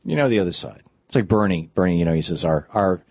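Husky, low-voiced male radio host. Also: racing, no echo. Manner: animated, conversational, with frequent restarts. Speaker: radio talk show host. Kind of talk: opinionated radio commentary. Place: broadcast studio. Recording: dull, dry studio broadcast.

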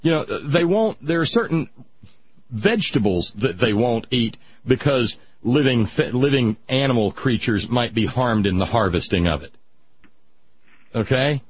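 A man on a radio talk show, talking in a casual, emphatic way that climbs into loud, insistent peaks. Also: mid-range voice, lively intonation, moderate pace, slight background noise. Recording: dry, dull radio audio.

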